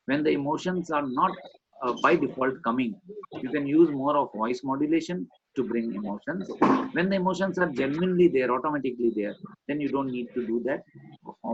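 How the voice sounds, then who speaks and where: Animated male trainer on a lo-fi call. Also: mid-range voice, a little fast, a little hiss or hum. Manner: animated, demonstrates voice modulation with swings from whisper to loud. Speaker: communication trainer. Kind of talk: online training session. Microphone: video call.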